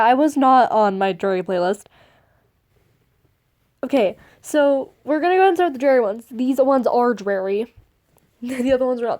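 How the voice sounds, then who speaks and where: A woman's voice: a little high, darkish tone. A woman reading fan fiction aloud, often tripping over words and starting her sentences over. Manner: stumbling over words, restarting and laughing at the text.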